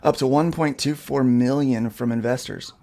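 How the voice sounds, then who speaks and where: A man's voice: medium pitch, fairly even intonation, moderate pace, warm tone. A man hosting a casual podcast, reading an article aloud and breaking in with his own asides. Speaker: podcast host.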